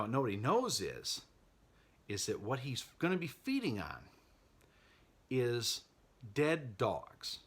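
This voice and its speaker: A man's voice: lowish voice, fairly bright tone. A man casually recapping a movie he loves, chatty and wry, laughing at the plot. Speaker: movie vlogger.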